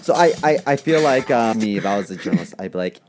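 A man co-hosting a comedy podcast, talking in a rambling, halting way with many restarts. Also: lowish voice, animated, a little mellow, soft background music. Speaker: podcast co-host. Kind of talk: comedic chat.

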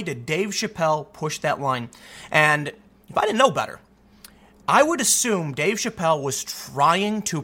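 A man giving opinionated solo commentary in an emphatic, animated way, often repeating words as he gets going. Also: on the high side. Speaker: political commentator.

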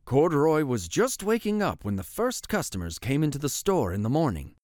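Animated storybook reader with a dry close voice. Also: male voice, fairly high pitch, a little fast, dry recording. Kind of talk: reading a bedtime picture book aloud.

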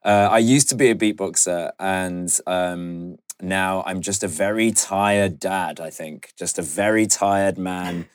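A man with a fairly low voice chats as a podcast guest. He talks about himself in a wry, self-deprecating way, and the recording is dry and close. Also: fairly even intonation, slow, hardly any pauses, clear, resonant tone, no echo. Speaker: guest beatboxer and musician. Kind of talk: casual chat on a podcast.

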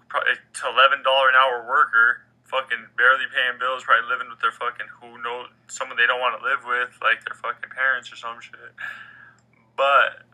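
A young man rants through his own show. His voice is very bright and edgy, full of casual profanity. He jumps between loud bursts and low, muttered asides. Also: low-quality recording. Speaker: podcast host. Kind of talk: casual rant.

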